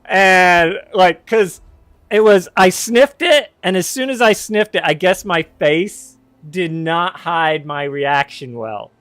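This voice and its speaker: A man spins a casual, rambling story, often stopping to correct himself and adding wry, candid asides. His voice sits a little high for a man and sounds smooth and clear. The recording is dry and close, with no room sound. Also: slow, a bit bright, no echo. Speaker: podcast host telling a personal story.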